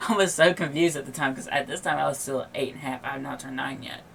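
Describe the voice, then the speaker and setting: A man's voice: medium pitch, fast, gravelly, fairly bright tone, a little hiss or hum. A tired, yawning young man telling a personal story on his podcast in a rambling, casual way, full of likes and restarts. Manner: rambling, filler-heavy with many likes and restarts. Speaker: podcast host.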